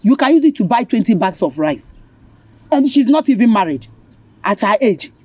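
An actress with a Nigerian accent playing a scheming, gossipy middle-aged mother-in-law who mocks others with loud exclamations. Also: fairly high pitch, big pitch swings, moderate pace, dry recording. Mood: scornful.

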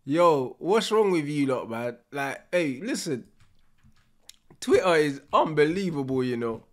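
A young man, reacting live to a football match with loud, slangy banter and frequent laughter. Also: on the high side, sing-song, measured pace.

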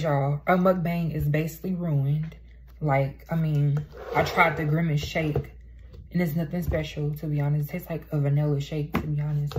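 Low-voiced young woman, blunt slangy vlog rant, noisy phone recording. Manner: blunt, slangy, swears freely. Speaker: vlogger. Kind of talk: casual mukbang vlog rant. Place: indoors at home, poor lighting.

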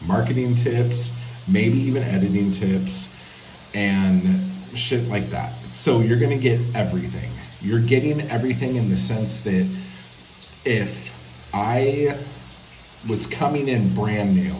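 A man's voice: lowish voice, a little mellow, reverberant, far from the mic, slight background noise, low-quality recording. A man hosting a writing channel, talking casually to his camera in a loose, profane, apologetic way. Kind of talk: casual vlog talk to camera. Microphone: handheld camera.

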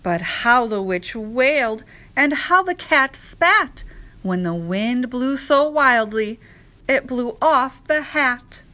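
A woman teacher reading a rhyming picture book aloud to children, slow and expressive. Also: fairly high pitch. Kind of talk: children's read-aloud narration.

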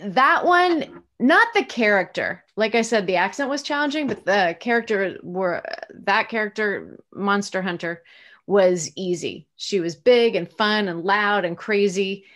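A woman's voice: mid-range voice, a little slow, a bit bright. A middle-aged American woman, a voice actress, answering interview questions in a chatty, reflective way with plenty of fillers and restarts. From United States.

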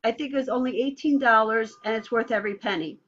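A woman speech pathologist explaining her methods in an interview over a video call, lively and playful in her delivery. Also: on the high side, fast talker. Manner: lively, breaks into playful demonstration voices. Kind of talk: expert answering interview questions. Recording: slightly muffled call audio.

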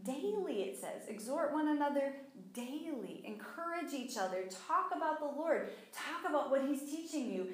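Animated woman preaching in an echoey room. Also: high-pitched, moderate pace. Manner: animated, acts out quoted voices. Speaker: Bible teacher. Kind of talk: conversational sermon.

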